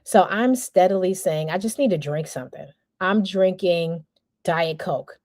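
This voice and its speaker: A New York-area communications coach in her forties teaches a masterclass, sharing a frank personal story and acting out the people she quotes. Her voice is lowish, a little slow and somewhat mellow, recorded at studio quality with no echo.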